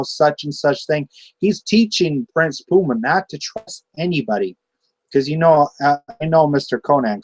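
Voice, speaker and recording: A young man talks through a wrestling show on his own, rambling and excitable, tripping over restarts and fillers. His voice sits at an ordinary middle pitch. The recording is dry and close. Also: no room sound, poor audio. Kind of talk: casual solo review.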